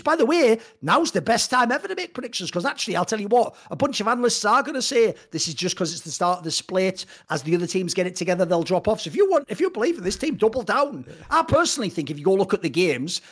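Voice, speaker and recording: A man's voice: sits high, slightly rough. A British man co-hosting an esports podcast, talking in an emphatic, combative way and swearing freely. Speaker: podcast co-host. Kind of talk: casual esports discussion.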